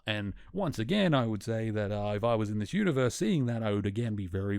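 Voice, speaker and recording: A chatty male podcast host with a low-pitched voice, rambling through an episode recap with easy enthusiasm. He often corrects himself mid-thought. The sound is close-miked and dry, with no room echo. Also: darkish tone. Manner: chatty, enthusiastic, self-correcting, laughs now and then. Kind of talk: casual chat, recapping an episode.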